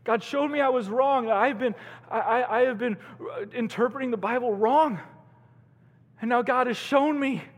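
A man's voice: very high voice, moderate pace, voice pushed up. A man voicing a tearful, overjoyed pastor who repeats himself and stammers with emotion, heard in a reverberant hall. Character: tearful overjoyed male pastor, humbled and grateful.

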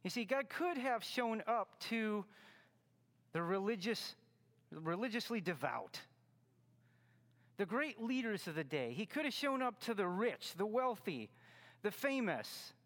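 A man's voice: sits high, very animated, a little slow, long pauses, fairly bright tone, in a large hall. A man preaching a Christmas sermon, earnest and teaching, pressing hard on key words. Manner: earnest, teaching, rising to emphatic stresses. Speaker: pastor.

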